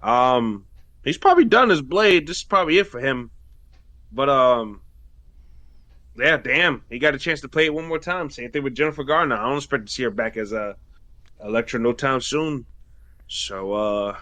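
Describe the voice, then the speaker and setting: Bright, blunt man joking on a podcast. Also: medium pitch, normal speed, no echo. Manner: blunt, profane, animated joking. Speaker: podcast co-host. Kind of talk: casual chat.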